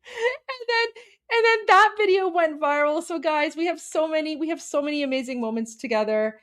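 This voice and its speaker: Woman livestream host in her thirties, slightly high voice, hesitant and chatty. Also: normal speed. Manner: rambling, hesitant, emotional and warm toward viewers. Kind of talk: casual livestream chat to viewers.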